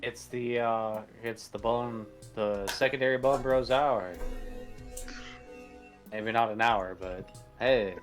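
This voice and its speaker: A man's voice: mid-range voice, steady tone, takes it slowly, pauses often, soft background music. A man co-hosting a stream, telling long jokes in a rambling way, repeating and restarting his phrases. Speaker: co-host on a stream. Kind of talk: casual joke-telling.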